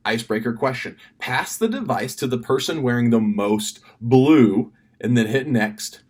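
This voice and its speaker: A man's voice: mid-range voice, animated, breathy edge. Rambling man briefing camp volunteers. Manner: fast, rambling, lots of fillers and restarts. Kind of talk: casual instructional video message. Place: indoors at a desk.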